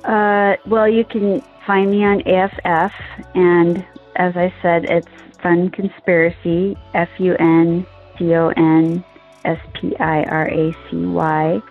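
A woman from Montana chatting as a podcast guest, relaxed and quick to laugh. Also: on the low side. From Montana, USA. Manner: laughs easily, relaxed with fillers. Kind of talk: casual interview chat. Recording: phone-like line with faint music.

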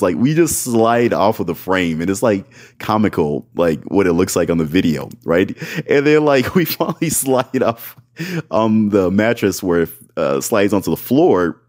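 Low-voiced man rambling through a story. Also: a little mellow. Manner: rambling, filler-heavy, keeps asking "right?"; addresses listeners as "y'all". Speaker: podcast host. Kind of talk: casual explicit storytelling.

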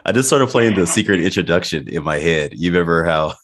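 A man's voice: sits low, lively intonation, quick pace, a bit bright. A man hosting a casual chat, laughing often and joking along.

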